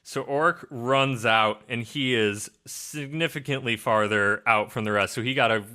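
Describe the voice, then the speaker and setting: A man narrating a tabletop game as game master, in loose, halting narration full of fillers. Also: medium pitch, bright, forceful tone.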